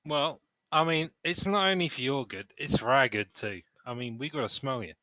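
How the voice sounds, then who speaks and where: Guy player in a tabletop game, bright forceful voice, jokey. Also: mid-range voice, moderate pace. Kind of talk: casual tabletop game chat.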